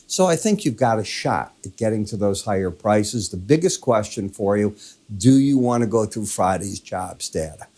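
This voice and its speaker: Older guy doing his market wrap-up, lowish voice, chatty and emphatic, walks through charts, bit of a cough. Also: darkish tone. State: coughing from lingering illness. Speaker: market commentator, host. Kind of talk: daily market wrap-up commentary.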